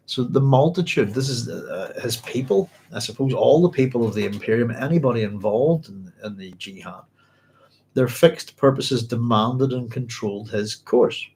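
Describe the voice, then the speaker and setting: A man's voice: mid-range voice, expressive, normal speed, darkish tone. A man hosting a live-streamed book club, reading passages aloud, then musing informally and answering viewers' comments.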